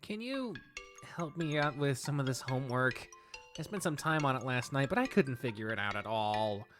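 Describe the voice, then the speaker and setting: A woman voicing a teasing, sassy young male tiger student in a visual novel, quick to fire back. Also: very deep voice, lively intonation, faint music behind. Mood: sheepish.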